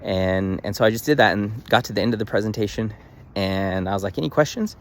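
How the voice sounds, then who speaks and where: A man's voice: fairly low pitch, steady tone, a little fast. A young man vlogging, telling a story casually with emphatic bursts and lots of fillers and restarts.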